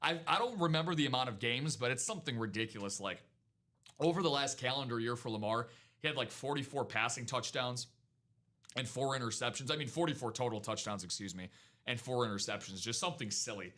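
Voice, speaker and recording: A man's voice: medium pitch, expressive, a little fast, pushed and bright. A man hosting a live sports card break, chatting casually about football and hyping deals to viewers in an upbeat way. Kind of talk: casual sports chat and sales pitch.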